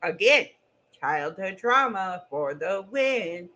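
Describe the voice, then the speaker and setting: A woman's voice: mid-range voice, animated, takes it slowly, pushed and bright, low-quality recording. A middle-aged woman hosting a casual livestream chat, blunt and goofy, swearing freely. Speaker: streamer and co-host.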